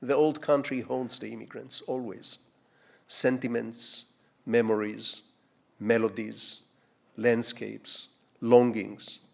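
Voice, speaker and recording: An older man with an Israeli accent delivers a storytelling lecture at a middle pitch. He wanders into digressions and asks the audience rhetorical questions. He moves from hushed asides to big, swelling phrases. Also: little pitch movement, takes it slowly, creaky. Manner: digressive, with rhetorical questions and sweeping dramatic shifts in loudness. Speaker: guest lecturer.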